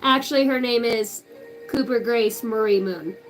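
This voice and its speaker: A woman in her thirties, a psychic medium doing a casual live reading, rambling and profane, swinging between loud outbursts and soft asides. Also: a little high, measured pace, faint music behind. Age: 30s.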